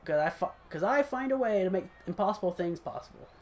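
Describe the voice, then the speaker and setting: A man's voice: high-pitched, expressive, quick pace. A man casually commenting on his own football video game match, chatty and self-critical, breaking into short laughs. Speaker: gaming channel host.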